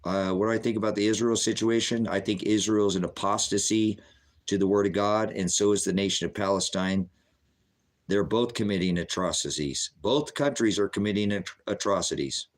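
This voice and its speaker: Deep-voiced, blunt middle-aged preacher. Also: male voice, brisk. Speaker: preacher answering viewer chat. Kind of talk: livestream Q&A sermonizing.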